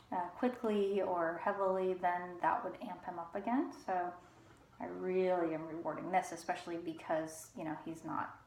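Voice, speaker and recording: A woman dog trainer explaining calm training in a relaxed, soft-spoken way, sometimes dropping to a whisper. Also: fairly low pitch, normal speed. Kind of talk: casual instructional talk while training a dog. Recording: echoey room with faint ambient noise.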